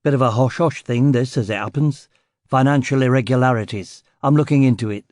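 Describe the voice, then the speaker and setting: A man's voice: medium pitch, fairly quick, a little mellow, no echo, clean studio sound, lightly acted. A man voicing an aging male celebrity DJ with a weird DJ voice and faint Yorkshire traces, self-important and snappish. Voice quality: distinctive weird DJ voice.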